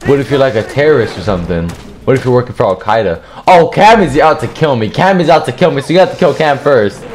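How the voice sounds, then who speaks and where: A young man giving loud, profane gameplay commentary, trash-talking and often shouting. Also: mid-range voice, lively intonation, fast, a little hiss or hum. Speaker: gamer streaming gameplay.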